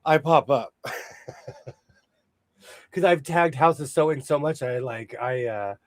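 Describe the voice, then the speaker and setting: A man hosting a casual sewing show chat, telling jokey stories in an animated way. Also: fairly high pitch, measured pace, dry recording. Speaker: host.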